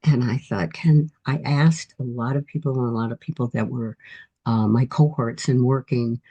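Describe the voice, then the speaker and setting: Octogenarian woman author, husky and mellow voice, telling reflective, encouraging stories in a casual interview. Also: extremely low pitch, steady tone, moderate pace, muffled recording. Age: 80s. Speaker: author guest.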